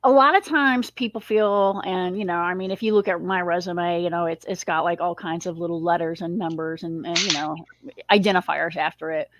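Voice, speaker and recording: A woman's voice: lowish voice, fairly even intonation, a little fast, background noise. A woman hosting an interview, asking long, framed questions with frequent "um"s. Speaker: host. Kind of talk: interview host.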